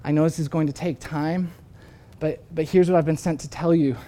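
A soft-spoken, earnest brother asking for forgiveness, as a preacher acts him out. The voice is quiet and mellow. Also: male voice, on the high side, fairly even intonation, fairly quick, close to an everyday voice.

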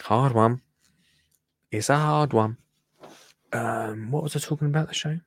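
A man's voice: medium pitch, a little slow, no room sound, studio quality. A man hosting a casual livestream, chatty and laughing, often muttering to himself and trailing off while he works the computer. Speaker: livestream host. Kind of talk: casual live-stream chat.

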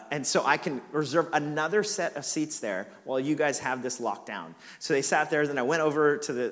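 Male pastor, sermon, casual anecdotes, self-mocking humor, mid-pitched voice, long hall reverb.

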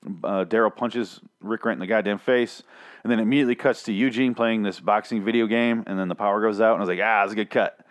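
A man's voice: lowish voice, quick pace. A man casually recapping a TV episode, rambling and swearing, with sarcastic asides.

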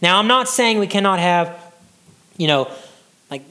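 A man's voice: sits high, lively intonation, unhurried, bright, forceful tone. A man preaching a sermon in a conversational way, stumbling over restarts and acting out quotes from ordinary people. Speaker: pastor.

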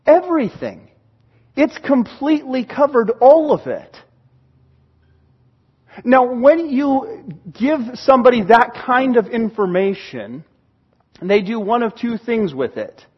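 High, husky-voiced male pastor. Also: big pitch swings, slow pace, pauses often, dull audio. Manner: conversational, acts out short scenes. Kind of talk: sermon.

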